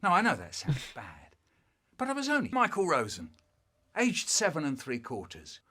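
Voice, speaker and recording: A man's voice: fairly high pitch, wildly swooping pitch, moderate pace, pushed and bright, slightly rough. An older man telling a comic childhood story, acting out every character with big voices and exaggerated sounds.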